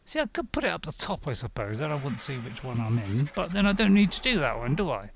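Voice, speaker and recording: A man streams a game in a loose, rambling chat, often answering his own questions with a chuckle. His voice sits a little high for a man and swings up and down a lot. It has a gravelly edge throughout. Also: sing-song, fast talker. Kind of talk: casual gameplay commentary.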